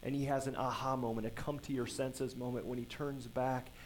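A man's voice: medium pitch, little pitch movement, brisk, a little hiss or hum, rough recording. A male pastor preaching a sermon, retelling a story conversationally with frequent tag questions.

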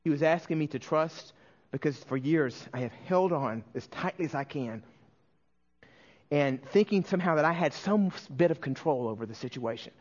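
A man preaching a sermon as a pastor, telling a personal story earnestly and emotionally, often dropping to a hushed voice, with frequent restarts. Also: on the high side, animated, moderate pace, highs cut off.

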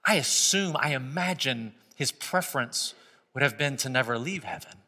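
A man preaching a sermon as pastor of his church, moving from quiet reflection to loud, impassioned stretches. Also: medium pitch, animated, normal speed. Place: church sanctuary. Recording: long hall reverb.

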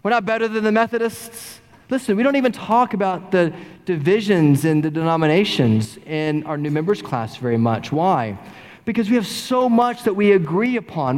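A middle-aged male pastor preaching an animated sermon, full of repeated rhetorical questions. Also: high voice, normal speed. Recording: long reverb in a large sanctuary.

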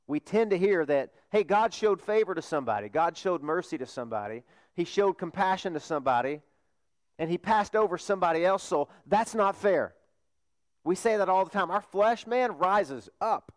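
Male pastor, slightly higher voice, chatty sermon delivery full of rhetorical questions. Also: animated, normal speed. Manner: conversational, asks the congregation rhetorical questions.

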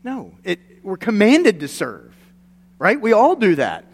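A man delivers a sermon to his congregation in a slightly high voice. He is earnest and grows emphatic on key points, with folksy stories along the way. The sound carries a long reverb of a church sanctuary. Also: wildly swooping pitch, unhurried. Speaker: pastor.

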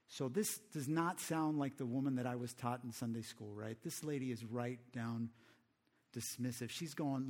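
A man's voice: mid-range voice, moderate pace, a little mellow. A man preaching a sermon in a conversational way, often putting rhetorical questions to the audience.

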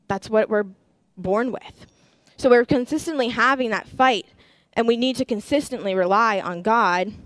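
An earnest young woman preaching to a group, weaving her own experiences in with scripture she reads aloud. Her voice sits at a middling pitch and is recorded dry and close, with no room sound. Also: no room sound. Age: young adult. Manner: earnest, personal testimony with scripture reading. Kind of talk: sermon.

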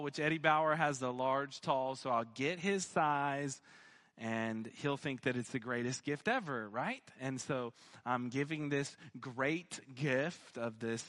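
Man, pastor, slow deliberate sermon, bright ringing tone, storytelling. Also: mid-range voice. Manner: storytelling, building to fervent emphasis.

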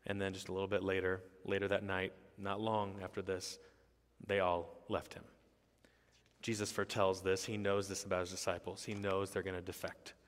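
Low-pitched male pastor, emphatic repetitive sermon delivery, long hall reverb. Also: monotone, normal speed.

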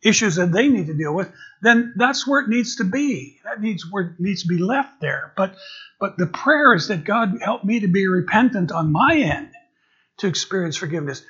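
A man's voice: sits high, animated, normal speed, fairly bright tone, husky. A man preaching as an interim pastor, often restarting and repeating words as he searches for his phrasing. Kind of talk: sermon. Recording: dull lo-fi recording.

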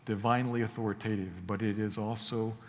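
A man's voice: fairly low pitch, fairly even intonation, brisk. Earnest preacher man in a reverberant hall. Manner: earnest, swings between loud emphasis and quiet asides. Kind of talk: sermon.

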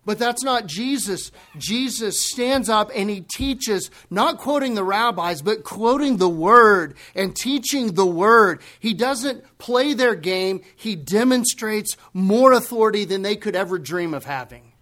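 Impassioned high-voiced male preacher. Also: animated, unhurried, few pauses. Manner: impassioned preaching, swinging from loud emphasis to hushed, grave asides. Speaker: pastor. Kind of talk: sermon.

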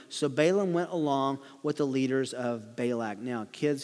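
A man reading and explaining a Bible story to children, with animated storytelling and light chuckles. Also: medium pitch, moderate pace, few pauses, in a large hall. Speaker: preacher teaching children. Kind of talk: Bible lesson for kids, read-aloud with commentary.

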